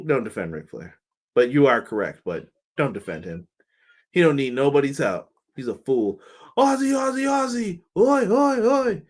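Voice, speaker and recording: Casting: male wrestling-show host, lively swooping delivery, slightly high voice, loose and jokey. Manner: loose, animated, laughing, cursing, doing mock voices. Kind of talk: casual show review.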